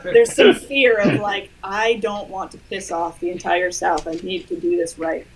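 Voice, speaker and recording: A woman from the Pacific Northwest, self-deprecating and quick, chatting on a group live stream. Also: medium pitch, expressive, a crowd in the background, rough recording. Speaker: TikTok creator and voice actor.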